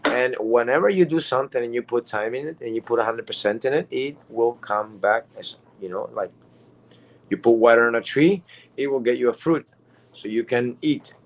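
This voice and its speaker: A man's voice: medium pitch, normal speed, highs cut off, a little hiss or hum. A man giving a rambling, emphatic motivational talk as a guest speaker, repeating himself often.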